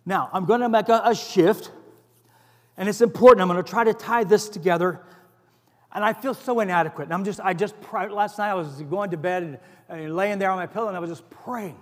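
A man's voice: high voice, brisk. A man preaching a sermon as pastor, earnest and building to emphatic stress on key phrases. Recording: long hall reverb.

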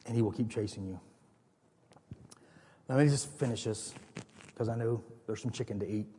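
A man preaching a sermon as pastor, with animated storytelling that acts out scenes. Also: fairly low pitch, normal speed, a little hiss or hum. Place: church. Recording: long reverb of a church hall.

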